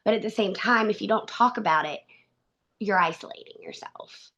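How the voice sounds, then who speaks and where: A woman's voice: mid-range voice, bright, forceful tone. Earnest woman guest, slightly muffled. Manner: earnest, halting, frequent restarts. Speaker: podcast guest. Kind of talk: conversational interview.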